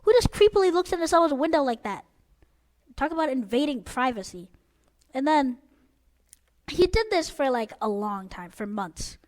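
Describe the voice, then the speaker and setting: A teenage girl with a high, bright-pitched voice tells a casual storytime tale from her school days. She rambles with plenty of filler words and sounds openly exasperated. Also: big pitch swings, normal speed, pauses often.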